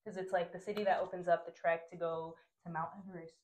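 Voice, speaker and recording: Animated woman telling a travel story, echoey room. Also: on the low side, fast talker, crowd noise. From Honduras. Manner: animated, laughs often, many fillers and restarts. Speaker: guest. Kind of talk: casual storytelling chat.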